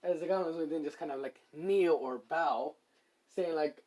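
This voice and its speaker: A man's voice: a little high, moderate pace, dark tone. Casual male storyteller, rambling improvised narration. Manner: rambling, many fillers and hedges.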